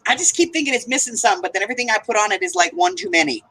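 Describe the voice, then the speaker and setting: A woman's voice: mid-range voice, animated, rapid-fire, a bit bright, slightly rough, poor audio. A woman co-hosting a live stream, telling a silly story in casual chat, playful and giggly. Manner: giggly, playful, self-mocking.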